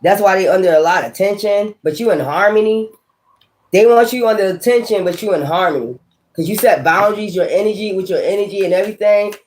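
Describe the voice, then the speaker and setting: A woman's voice: medium pitch, fairly quick, darkish tone. A woman giving a tarot reading in a blunt, profane manner, laughing often and talking straight to the listener. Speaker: tarot reader.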